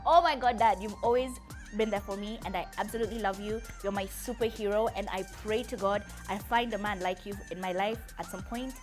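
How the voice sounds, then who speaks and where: A woman's voice: medium pitch, fairly even intonation, brisk, over music. Giggly young woman, heartfelt. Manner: chatty, giggly, emotional. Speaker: vlogger. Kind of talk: heartfelt personal address.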